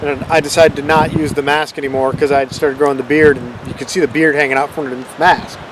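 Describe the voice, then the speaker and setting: A man's voice: on the high side, little pitch movement, fast talker, noisy background. A man hosting his own channel, rambling in a casual, self-deprecating way about how his videos came about. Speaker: channel host. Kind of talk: casual unscripted vlog rambling.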